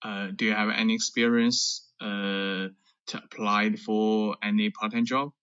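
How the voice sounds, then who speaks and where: A man, a sales manager calling in, speaking in a hesitant, halting way. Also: fairly low pitch, little pitch movement, fairly bright tone, clean tone. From China. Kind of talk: casual chat. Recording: dull lo-fi call audio.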